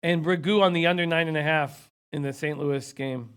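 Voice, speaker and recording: High-pitched man losing his voice. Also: fairly even intonation, moderate pace, a bit bright, smooth. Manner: reads viewer comments, rattles off stats. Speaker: sports betting show host. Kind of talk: casual sports betting talk.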